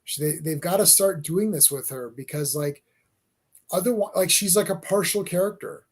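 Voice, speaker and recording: High-voiced man, rambling excitable co-host in a casual chat. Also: normal speed. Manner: rambling, excitable, acts out scenes.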